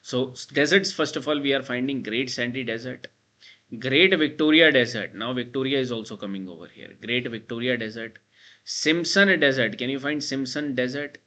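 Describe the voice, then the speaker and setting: A man's voice: medium pitch, moderate pace, pushed and bright. A man with an Indian English accent, teaching a map-based exam prep lecture and drilling students with repeated checks like "right?" and "guys". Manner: repetitive, drills the listener with frequent "right?" and "guys".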